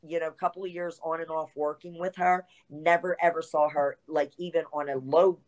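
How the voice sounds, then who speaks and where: A middle-aged woman, a former wrestler, telling a lively anecdote as an interview guest, full of asides and fillers. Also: low voice, normal speed. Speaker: guest, retired pro wrestler. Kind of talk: storytelling in an interview.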